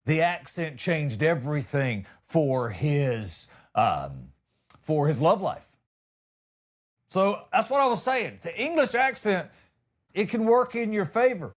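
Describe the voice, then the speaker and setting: Rambling American comedian, slightly high voice. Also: male voice, huge pitch swings, measured pace. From United States. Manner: loose, rambling storytelling with jokey asides. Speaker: comedy podcast host. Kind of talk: comedic podcast monologue.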